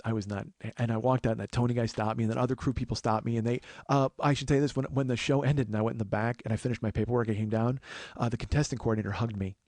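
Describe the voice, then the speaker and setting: A man's voice: lowish voice, darkish tone, no room sound. Guy rambling through a story on his podcast, plays out all the voices, dead dry room. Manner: rambling, with restarts and acted quotes of others. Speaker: podcast host. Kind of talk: casual storytelling monologue.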